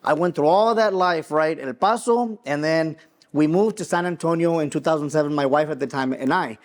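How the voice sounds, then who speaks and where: A man in his forties, from Mexico and raised in West Texas, co-hosts a podcast. He tells a personal story in a fairly high voice, earnestly and with animation, often restarting his sentences. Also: brisk. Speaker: podcast co-host, attorney.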